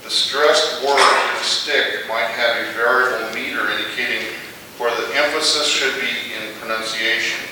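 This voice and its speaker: A man teaching a midweek Bible class. He explains slowly, pausing between phrases, and asks the class questions. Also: medium pitch, steady tone. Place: church classroom. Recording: echoey room, distant mic, background noise.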